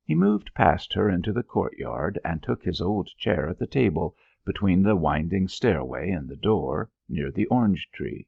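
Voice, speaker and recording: Deep, gravelly male audiobook narrator. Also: normal speed, hardly any pauses, no room sound, dull audio. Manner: expressive storytelling. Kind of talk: scripted narration.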